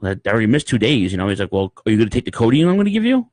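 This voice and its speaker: Podcast co-host, male, cursing, animated storyteller, dry room. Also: lowish voice, rapid-fire, dry recording. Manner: profane, animated storyteller, acts out voices. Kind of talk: casual podcast chat, storytelling.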